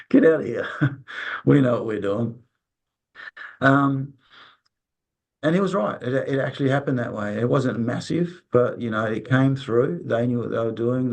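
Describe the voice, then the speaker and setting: Medium-pitched and creaky, this man's voice carries rambling, casual anecdotes as an interview guest who works as a resilience consultant. He repeats words and performs the lines of people he quotes.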